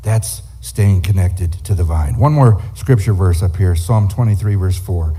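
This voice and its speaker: A man preaching as a guest speaker, telling a story in an animated way and acting out the people in it. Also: low-pitched, unhurried, husky. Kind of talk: sermon storytelling.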